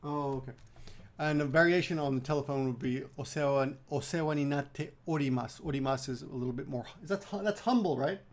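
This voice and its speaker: A man giving a casual video language lesson at home, chatty, repeating phrases slowly with frequent restarts. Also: medium pitch. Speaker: language teacher.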